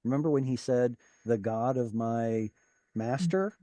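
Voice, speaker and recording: Guy teaching a class on a video call, mellow low voice, dry sound, lots of ums and restarts. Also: dry recording, lo-fi sound. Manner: explanatory, halting with fillers and restarts. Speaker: Hebrew teacher.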